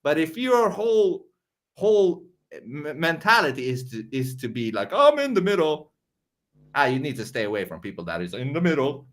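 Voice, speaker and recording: A man's voice: medium pitch, expressive, normal speed, fairly bright tone. A man with a foreign accent hosting a live reaction stream, rambling and swearing, often restarting his words. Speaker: show host.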